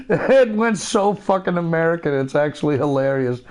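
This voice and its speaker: A man from the Netherlands with a Dutch accent, chatting casually and profanely as a streamer. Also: high voice. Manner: laid-back, profane, laughs often. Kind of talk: casual chat while gaming.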